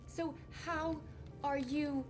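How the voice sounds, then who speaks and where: A woman's voice: high-pitched, fairly even intonation, extremely slow. An actress playing a desperate young woman who pleads and threatens to shoot, her voice breathless and rising to frantic. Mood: stunned. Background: game music.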